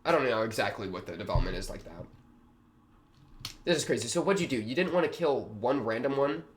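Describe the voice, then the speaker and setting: A man's voice: mid-range voice, expressive, brisk, slight background noise. A young man hosting a reaction video, talking in a rambling, slangy way with lots of fillers. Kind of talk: casual reaction commentary.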